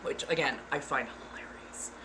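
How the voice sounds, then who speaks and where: This woman ASMR streamer has an extremely low-pitched, sharp-toned voice and talks at normal speed. Chatting casually, she's frank and giggly and at times does playful voices, with slight background noise present.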